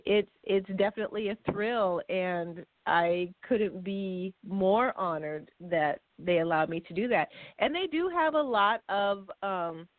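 A woman co-hosting a casual chat show, playful and quick to laugh. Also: fairly low pitch, dry recording. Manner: giggly, playful. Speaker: co-host. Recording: tinny phone-like line.

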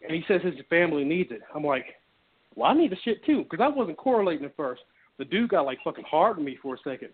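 Over a tinny phone line, a man co-hosts a casual podcast, speaking quickly in a fairly high, expressive voice with a breathy edge. He's blunt and heated, swearing heavily throughout the chat.

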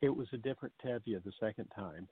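A middle-aged man, a stage actor, telling stories in a halting, measured way with frequent restarts. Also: fairly low pitch, breathy edge, dry recording. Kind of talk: casual interview chat. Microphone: video call. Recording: dry, tinny online call audio.

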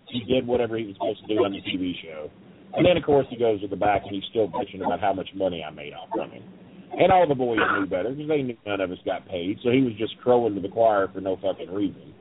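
A man's voice: on the low side, expressive, fast talker, slight background noise. Blunt, profane man on a phone line. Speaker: wrestling business guest. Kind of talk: storytelling over the phone.

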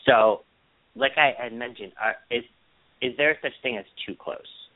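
A man co-hosting a casual podcast, telling a story in long rambling turns and acting out quoted lines in a high mocking voice. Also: unhurried, dry recording. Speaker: podcast co-host. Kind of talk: casual chat. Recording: dry, tinny phone-line sound.

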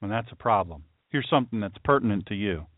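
Male talk radio host, animated pitch swings, hammering rhetorical questions; tinny, dry phone-like sound. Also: fast talker, dry recording. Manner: heated, repetitive, rhetorical questioning. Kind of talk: political commentary monologue.

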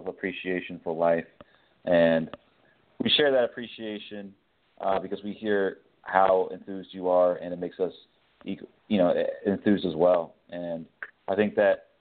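Sincere low-voiced man over a phone line. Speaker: co-host. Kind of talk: casual sports talk show. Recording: tinny phone-line audio.

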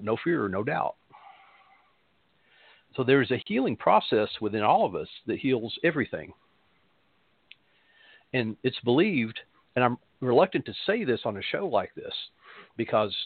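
A man's voice: mid-range voice, vocal fry, breathy edge, dry recording, phone-quality sound. A man, a pastor and show host, giving a spiritual talk and telling stories in a rambling way, repeating phrases for emphasis.

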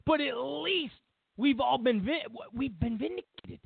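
A man's voice: very high-pitched, expressive, a little slow, vocal fry, slightly rough, no room sound. Fired-up man ranting, tinny sound. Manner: heated and sarcastic, mocks others in put-on voices. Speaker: political commentary host. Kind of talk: opinionated monologue. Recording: dry, phone-like lo-fi sound.

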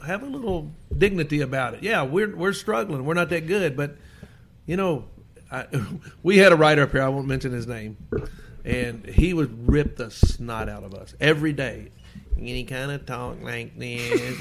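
A man's voice: mid-range voice, normal speed, gravelly. An older man from Kentucky telling folksy anecdotes in a casual chat, acting out voices as he goes. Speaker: guest, former pro baseball player.

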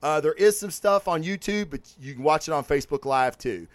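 A man's voice: fairly high pitch, animated, fairly quick, no room sound. A male podcast host giving comic reviews and sign-off plugs in a loose, swearing, rambling way. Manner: profane, rambling and hyped.

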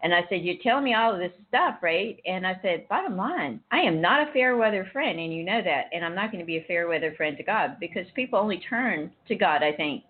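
Woman host chatting, husky voice, tinny phone sound, acts out stories. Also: fairly low pitch, fairly quick, hardly any pauses. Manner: animated storyteller, acts out dialogue with laughter. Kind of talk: casual chat.

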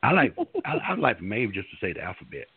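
Very low husky man, rambling co-host, phone-line sound. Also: big pitch swings, a little fast, no echo. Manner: rambling, stammering, playful. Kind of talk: casual online radio chat.

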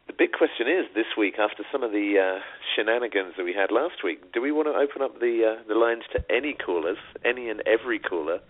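Low-voiced man on a thin phone line. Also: quick pace, few pauses. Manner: easygoing and relaxed, many fillers. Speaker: co-host of a call-in internet radio show. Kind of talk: casual chat. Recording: phone-like band-limited audio.

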